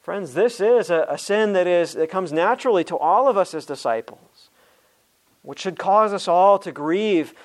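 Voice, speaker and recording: A man's voice: high voice, expressive, moderate pace. A man preaching a sermon as a pastor, earnest and direct, calling his listeners friends. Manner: earnest, addresses listeners as friends, some restarts.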